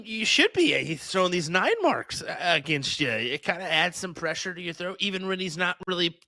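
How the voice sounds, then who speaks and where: A male darts commentator with a slightly high, bright, forceful voice. He talks through the match in an upbeat, chatty way, often restarting his sentences. The sound is dry and close. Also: dry recording. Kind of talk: live sports commentary.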